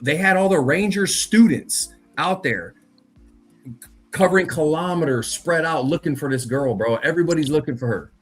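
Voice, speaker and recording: A man's voice: fairly high pitch, normal speed, husky, soft background music. A man telling a spooky story in a loose, profane, slang-heavy casual chat, talking directly to his co-host. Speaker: podcast co-host.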